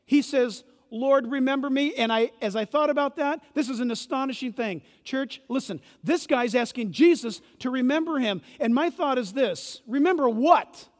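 A man preaching a sermon as pastor, swinging from loud bursts to hushed asides in a church. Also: very high-pitched, moderate pace, hardly any pauses. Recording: reverberant church hall.

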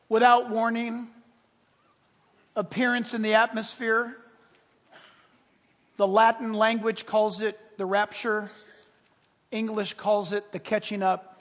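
A man preaching a sermon as pastor, dramatic and animated, swinging between loud bursts and hushed, intimate tones. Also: high voice. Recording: long reverb of a large hall.

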